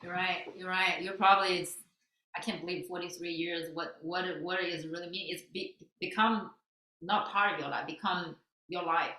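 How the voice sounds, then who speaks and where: Chatty woman host, bright voice. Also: on the low side, fairly even intonation, moderate pace, reverberant, rough recording. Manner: chatty, frequent soft backchannels. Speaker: podcast host. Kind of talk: casual interview chat.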